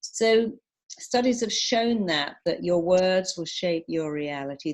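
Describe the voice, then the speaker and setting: A woman's voice: fairly low pitch, unhurried. A middle-aged woman, a psychologist and hypnotherapist, speaking as a guest on a radio interview in an emphatic, persuasive way. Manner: emphatic, persuasive, lively storytelling.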